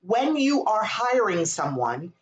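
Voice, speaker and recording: A candid woman speaking in a middle pitch, telling her story in a loose, conversational way. She is animated and swears freely. The sound has a roomy echo around it. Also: takes it slowly, muffled recording.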